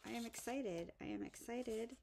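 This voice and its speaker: A woman's voice: a little high, normal speed, noisy background. Gushing woman showing off a craft haul. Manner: gushing, breathy, drops to soft whispers over items. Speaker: craft vlogger. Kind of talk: casual show-and-tell haul video.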